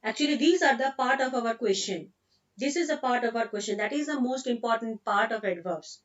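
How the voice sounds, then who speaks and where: A woman's voice: fairly high pitch, expressive, fairly quick, far from the mic, highs cut off. A woman with an Indian English accent teaching an online grammar lesson, explaining patiently and repeating example sentences.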